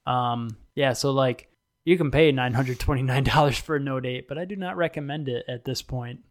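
Man, mid-pitched voice, casual podcast co-host, rambling chatty anecdotes. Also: normal speed. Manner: loose, chatty anecdotes full of "like". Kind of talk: casual tech chat.

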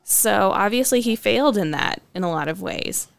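A woman's voice: medium pitch, lively intonation, moderate pace, gravelly, smooth, dry recording, studio quality. A woman in casual conversation, talking thoughtfully and hedging with frequent fillers.

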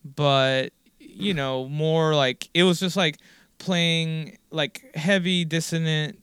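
A man's voice: on the high side, fairly even intonation, slow, a bit bright, clean tone, no room sound, studio quality. A man in his forties telling a long, rambling story in a casual interview, with lots of fillers and the odd swear word. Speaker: guest musician.

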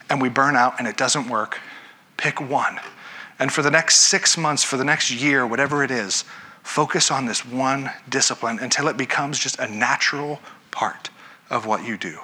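Bright-voiced man preaching a sermon. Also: medium pitch, moderate pace. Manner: conversational, self-correcting, asks the congregation questions. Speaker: pastor.

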